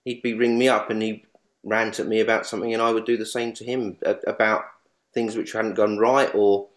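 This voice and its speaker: A man in speedway journalism, sharing memories of a late colleague in a halting, repetitive way, often restarting sentences. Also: on the low side, flat delivery. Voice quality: halting, many restarts and repeats. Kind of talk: emotional tribute reminiscence.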